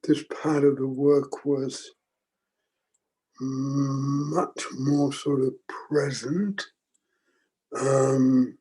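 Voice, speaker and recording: An older man leading a group forum, teaching in a slow, halting way with many pauses and restarts. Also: mid-range voice, fairly even intonation, mellow, low-quality recording. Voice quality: gravelly, husky. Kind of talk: reflective group teaching talk.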